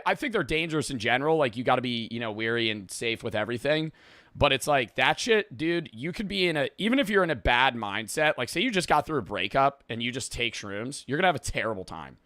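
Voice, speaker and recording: A man in his twenties rambling through profane, lively stories and reactions as a streamer. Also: mid-range voice, a little fast, dry recording, clean studio sound. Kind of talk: casual reaction commentary.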